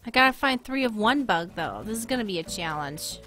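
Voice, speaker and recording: A woman with a Boston accent giving live gameplay commentary, excitable, gasping and laughing often. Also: medium pitch, brisk, faint music behind. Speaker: streamer.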